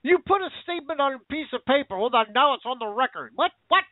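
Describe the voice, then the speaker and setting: A man's voice: high voice, lively intonation, quick pace, few pauses, no echo. A man hosting a show, ranting with sarcasm and indignation, repeating himself. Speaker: show host. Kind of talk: ranting commentary. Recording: tinny phone-like line.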